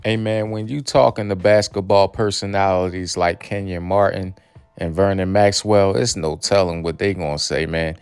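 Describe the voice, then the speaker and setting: Male commentator, lowish smooth voice, conversational recap over faint music. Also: steady tone, normal speed, darkish tone, no echo. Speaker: channel host, commentator.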